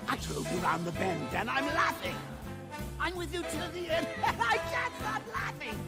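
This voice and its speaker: A man's voice: very high-pitched, full character voice. A man singing as the Joker, cackling. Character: manic laughing male clown villain. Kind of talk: sung villain song. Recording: song over loud music track.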